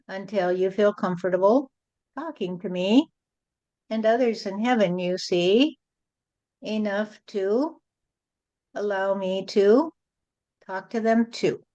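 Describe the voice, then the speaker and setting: Woman channeler, mid-pitched voice, slow rhyming sermon cadence, dull lo-fi recording. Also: warm tone. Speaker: spiritual channeler. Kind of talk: channeled spiritual message.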